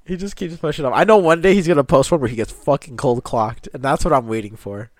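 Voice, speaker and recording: A young man co-hosting a casual podcast tells animated stories packed with swearing and frequent laughter. He talks fast at a medium pitch, captured in a dry, studio-quality recording.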